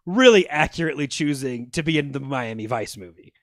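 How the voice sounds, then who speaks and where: A man's voice: medium pitch, lively intonation, brisk, no room sound, studio quality. A man co-hosting a podcast who talks bluntly and swears freely in casual chat. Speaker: podcast co-host.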